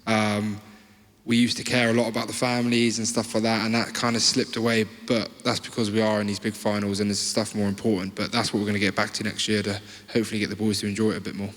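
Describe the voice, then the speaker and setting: A man from Cornwall, a guest on a live podcast, talking in a relaxed, chatty way and laughing easily. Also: on the low side, fast talker. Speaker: guest, rugby player. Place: live theatre stage. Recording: live venue with long reverb.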